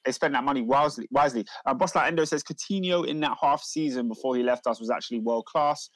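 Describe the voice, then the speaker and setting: A mid-pitched man with a dry, close sound, pushing back in a casual football debate. He reads out viewer comments between his own arguments. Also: quick pace, a bit bright, no echo, rough recording. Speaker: podcast co-host reading viewer comments.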